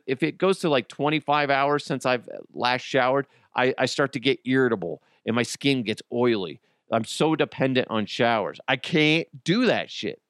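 A man's voice: mid-range voice, fairly bright tone, dry recording, studio quality. A man hosting a comedy podcast, ranting crudely and mocking people while laughing at his own jokes. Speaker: podcast host.

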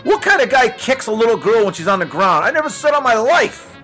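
Brief: older male podcast co-host, high voice, emphatic sports rant, faint music behind. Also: big pitch swings, quick pace, bright, forceful tone, low-quality recording. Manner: emphatic, repeats himself. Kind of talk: casual sports chat.

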